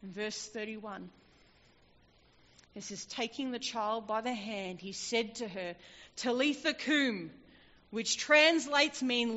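A woman preaching a sermon, telling a scripture story with lively acted-out voices. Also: on the high side, unhurried. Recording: dull, echoey hall.

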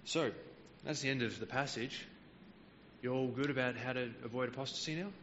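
A man's voice: mid-range voice, fairly even intonation, fairly quick, a bit bright, big-room sound, muffled recording, slight background noise. A man preaching a Bible teaching sermon, explaining verses patiently with frequent hesitant fillers.

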